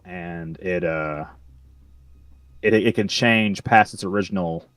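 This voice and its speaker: A man's voice: low voice, slow, a bit bright, no echo, recorded from a distance. A man chatting casually while gaming, rambling with lots of restarts. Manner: rambling, restarts, laughs along. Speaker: gaming streamer.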